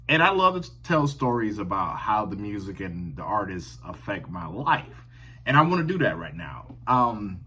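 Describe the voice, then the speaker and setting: A man's voice: medium pitch, bright, forceful tone, a little hiss or hum. A man hosting a music reaction channel, telling a personal story to camera in an earnest, reflective way and often repeating his words. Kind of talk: casual talk to camera.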